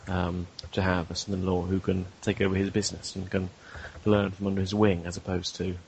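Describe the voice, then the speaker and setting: A man's voice: deep voice, completely flat delivery, a little fast, creaky, a little mellow, a little hiss or hum. A man speaking persuasively and hesitantly, playing his character in a tabletop role-play game. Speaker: player.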